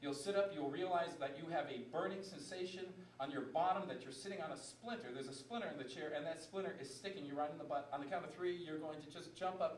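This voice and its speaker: Fast-talking man hypnotizing a stage group. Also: mid-range voice. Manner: commanding, repetitive, rhythmic. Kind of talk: hypnotic suggestion patter. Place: television studio stage. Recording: roomy stage sound from a distant mic, with background noise.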